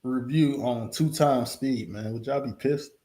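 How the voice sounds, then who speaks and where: A man's voice: medium pitch, unhurried, dark tone. A man hosting a reaction video, talking bluntly and casually with plenty of profanity. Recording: roomy echo.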